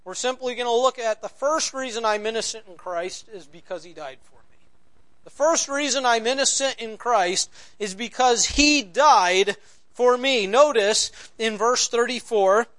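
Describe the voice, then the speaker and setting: Pastor, male, very high voice, slow deliberate sermon delivery that rises to loud stresses and drops to hushed lows. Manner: preaching with sweeping swings from loud emphasis to near-whispered lows; slow deliberate repetition of key phrases.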